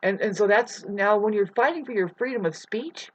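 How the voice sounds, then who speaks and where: A vlogger talking in a meandering, free-associating monologue, with many restarts and pauses. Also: mid-range voice, no room sound. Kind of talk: rambling spoken monologue. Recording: dry, slightly dull lo-fi sound.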